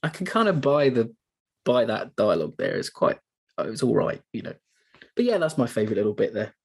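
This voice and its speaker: A man hosts a casual film podcast in a slightly husky voice. He rambles loosely and leans on lots of fillers as he talks. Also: medium pitch, big pitch swings, brisk. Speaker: podcast host.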